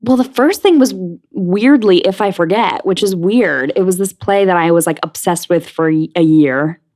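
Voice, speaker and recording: In a casual interview, a young Broadway actress from the New York/New Jersey area talks frankly and fills her speech with fillers. Her voice is lowish and darkish in tone, at a normal speed.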